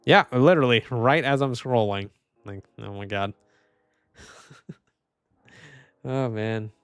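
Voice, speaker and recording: A man's voice: mid-range voice, slow pace, clean tone, no room sound. A young man streaming live, making casual commentary as he reads posts and keeps laughing and saying "dude". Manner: laughing, mocking, says dude a lot.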